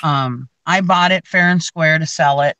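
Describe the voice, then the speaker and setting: A woman's voice: deep voice, unhurried, bright, forceful tone, dry recording, low-quality recording. A woman hosting a casual chat, telling a long story with lots of fillers and restarts. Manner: rambling, many fillers and restarts. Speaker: reseller channel host.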